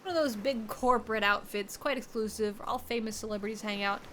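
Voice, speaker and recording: A woman's voice: a little high, brisk, bright, forceful tone, a little hiss or hum. A woman doing a sly, shady game narrator. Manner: dry, sly, theatrical. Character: smug, shady island narrator, sly host.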